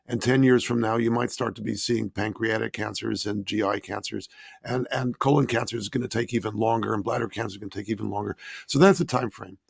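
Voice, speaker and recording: A man with a raspy voice, hoarse from a cold, giving measured explanations as an epidemiologist guest on an interview show. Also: mid-range voice, no room sound, studio quality. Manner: methodical, lists points in order.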